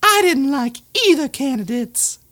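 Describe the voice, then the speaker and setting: Brief: shrill giggly cartoon mouse, sky-high pitch. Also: male voice, very animated, a little slow, bright, forceful tone, heavily acted. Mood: giddy. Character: squealing cartoon mouse man, cheery.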